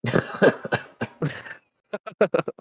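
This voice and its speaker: A man's voice: very slow, low-quality recording. A man narrating as game master in a tabletop game, rambling and searching for words as he describes the scene.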